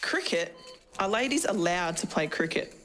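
A woman's voice: on the low side, lively intonation, normal speed, a bit bright. A woman with an Australian accent reading the lines of a cheeky, bold young girl in a storybook, in a teasing, cocky manner. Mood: eager. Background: background music.

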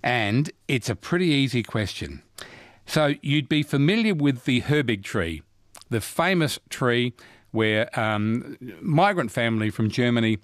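An Australian man runs a radio quiz from the studio, chatty and quick to cheer his callers. His voice is medium in pitch, recorded close and dry. He leaps up in pitch when someone gets an answer right. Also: lively intonation, no room sound. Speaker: radio host. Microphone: studio microphone.

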